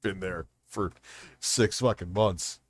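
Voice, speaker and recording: A man's voice: deep voice, takes it slowly, dry recording. A man hosting a stream, ranting with sarcastic, incredulous reaction commentary and heavy swearing. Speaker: streamer host.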